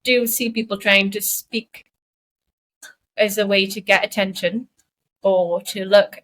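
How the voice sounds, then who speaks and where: A woman's voice: mid-range voice, steady tone, slow pace, fairly bright tone. A woman co-hosting a casual podcast, asking questions and reflecting thoughtfully. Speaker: podcast co-host.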